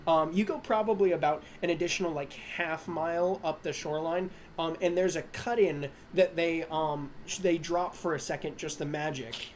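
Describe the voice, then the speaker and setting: A man's voice: fairly high pitch, fairly even intonation, normal speed, slight background noise. A man narrating as game master of a tabletop game, rambling with many fillers and restarts and laughing at himself.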